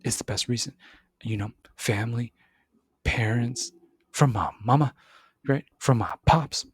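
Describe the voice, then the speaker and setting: A man hosting a podcast, giving an animated motivational monologue, repeating words and acting out other voices. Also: a little slow, breathy edge, no echo, studio quality. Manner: animated, repeats words, acts out voices with big pitch jumps. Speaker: podcast host.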